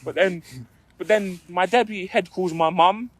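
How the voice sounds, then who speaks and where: A man's voice: high-pitched, normal speed, crowd noise. A young man, co-hosting a casual podcast and telling a school story, acting out what people said. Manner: storytelling, acts out quotes in his stories. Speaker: podcast co-host. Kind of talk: casual chat.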